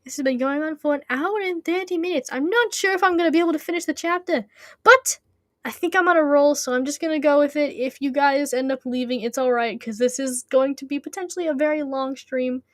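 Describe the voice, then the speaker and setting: Woman streamer, high voice, dry close sound; rambling chat between reading, lots of restarts. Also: no echo. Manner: chatty and rambling, laughs often, many restarts. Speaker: audiobook reader and streamer.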